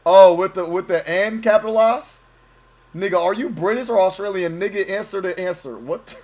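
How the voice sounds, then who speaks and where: At home at night, a young man keeps his voice down while streaming and reacting to a video, talking over it with casual, profane, joking slang. His voice is high, brisk, and a little mellow.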